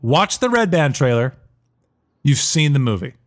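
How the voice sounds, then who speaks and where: An American man co-hosts a casual movie podcast, excitable and rambling, tripping over repeated words. His voice sits somewhat high. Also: normal speed. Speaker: podcast co-host.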